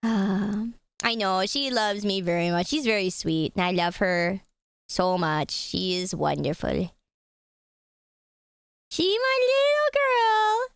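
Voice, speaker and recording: A woman's voice: lowish voice, unhurried, gravelly, clear, resonant tone, no room sound, studio quality. A woman streaming live, chatting casually and giggling often, with a casual habit of swearing.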